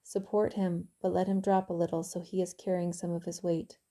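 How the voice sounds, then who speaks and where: A woman voicing a calm, caring young heroine who speaks softly and soothingly, with a gravelly, dark voice. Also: on the low side, brisk, close to an everyday voice. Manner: soothing, soft-spoken.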